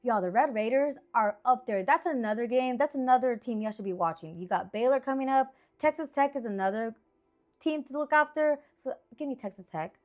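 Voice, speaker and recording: Woman, 30s, a bit high-pitched, casual sports-picks host: rambly, excitable, lots of exclamations. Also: fairly quick.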